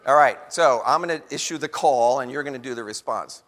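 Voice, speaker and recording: A man giving a lively storytelling talk to an audience, acting out the voices of people in his story. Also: medium pitch, a little fast, background noise. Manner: animated storyteller acting out quotes. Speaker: guest speaker. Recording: long hall reverb.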